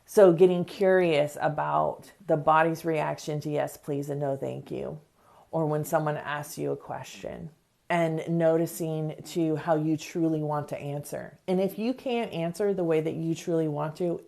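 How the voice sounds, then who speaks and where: Woman, self-help podcast host, earnest motivational talk, low voice, slight vocal fry. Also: fairly even intonation, mellow. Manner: earnest, acts out quick examples in voices.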